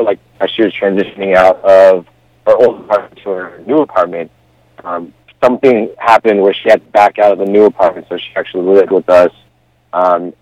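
A man in his thirties telling a personal story casually, with relaxed fillers, restarts and laughs. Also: lowish voice, no room sound, poor audio. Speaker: storyteller guest.

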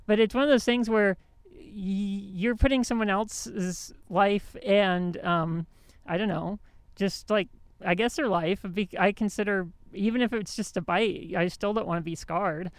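A woman's voice: medium pitch, a little slow, clear, resonant tone, no room sound. A woman hosting a show, telling a story in a casual monologue with indignant emphasis and many restarts. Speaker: host.

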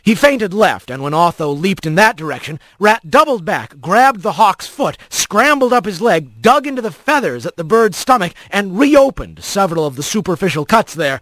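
A man's voice: sits high, big pitch swings, normal speed, hardly any pauses, fairly bright tone, no room sound. A man reading a tense action story aloud as an audiobook narrator, close to the mic.

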